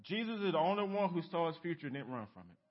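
A husky, somewhat high-voiced man preaches a church sermon, his pitch leaping widely from near-whispered lows to raised, emphatic peaks. He presses the congregation with rhetorical questions. The recording is dull and lo-fi. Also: very animated, quick pace. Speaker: pastor. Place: church sanctuary.

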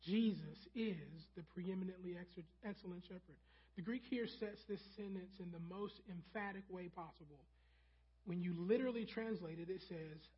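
A preacher delivering a sermon, emphatic and repetitive for stress, softening when quoting scripture. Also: medium pitch, moderate pace, slightly rough, muffled recording. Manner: emphatic, repeats key phrases for stress.

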